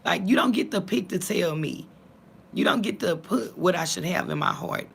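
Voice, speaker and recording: Gravelly woman vlogger, blunt and fiery. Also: lowish voice, moderate pace. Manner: blunt and fiery, cursing, swinging between calm and heated. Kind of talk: casual talk to viewers.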